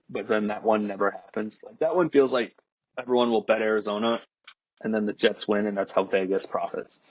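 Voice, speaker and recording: A young man with a husky, slightly low voice muses wryly about sports bets. His recording sounds dull and lo-fi, dry and close, with little room tone. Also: fairly quick, dry recording. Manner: wry, musing questions. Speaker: podcast guest. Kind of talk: casual sports betting chat.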